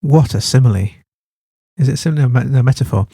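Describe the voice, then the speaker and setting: A man's voice: mid-range voice, quick pace, gravelly, warm tone, slightly rough, no echo, studio quality. A man teaching a study guide, thinking aloud with many fillers and restarts.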